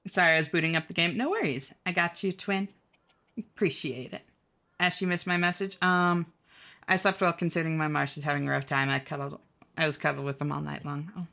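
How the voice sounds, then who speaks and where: A woman with a low, gravelly voice chats with viewers while she plays a game. She has a bright, edgy tone, and she giggles and drifts from topic to topic. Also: fairly even intonation, fairly quick. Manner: chatty, giggly, reads chat aloud. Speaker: game streamer. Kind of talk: casual chat with viewers while gaming.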